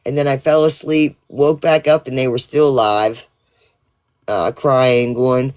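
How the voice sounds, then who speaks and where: A man's voice: medium pitch, fairly even intonation, takes it slowly, a little mellow. A man telling a rambling, profane story to his livestream audience in a casual way, full of fillers and restarts. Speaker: livestream host.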